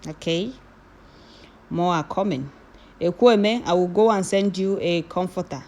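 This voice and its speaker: A woman's voice: on the low side, measured pace. Woman reading and scolding. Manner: switches from calm reading to loud scolding. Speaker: commentator reading viewer comments. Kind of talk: reading and answering comments.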